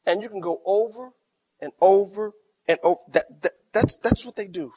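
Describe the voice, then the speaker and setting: A middle-aged man preaches as pastor in a fairly high voice. He drops to near quiet in his stories, then rises into loud, emphatic lines. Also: moderate pace. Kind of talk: sermon.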